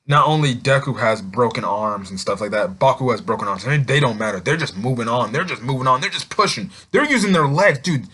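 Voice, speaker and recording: Young guy gushing about an anime movie, all over the place, lots of um and like. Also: mid-range voice. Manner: rambling, excitable, many fillers and restarts. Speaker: anime reviewer. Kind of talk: excited casual review.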